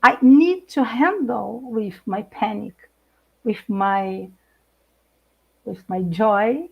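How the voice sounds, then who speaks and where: A middle-aged Brazilian woman speaking English with a Brazilian Portuguese accent, an animated guest in a live video chat who laughs often and searches for words. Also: on the high side, takes it slowly, creaky, slightly rough, dull audio. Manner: animated, laughs often, hesitant non-native phrasing. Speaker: guest speaker, intercultural trainer.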